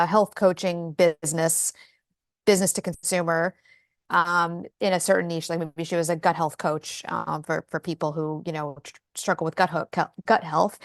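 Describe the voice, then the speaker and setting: A woman's voice: lowish voice, dry recording, clean studio sound. A woman co-hosting a casual chat about marketing, talking in a chatty way with lots of fillers and restarts over a video call. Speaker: co-host.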